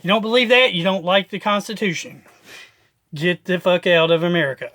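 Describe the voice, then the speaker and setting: Bright, forceful man ranting. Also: high voice, a little fast. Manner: emphatic, profane, repetitive ranting. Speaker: video host. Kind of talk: political rant to camera.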